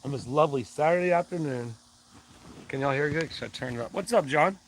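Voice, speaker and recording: A man hosts a relaxed live stream, chatting loosely and calling out viewers one by one. His voice sits a little on the high side. A faint noise hangs behind him. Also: brisk, rough recording. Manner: greets viewers by name, rambling and friendly. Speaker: livestream host. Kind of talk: casual live chat.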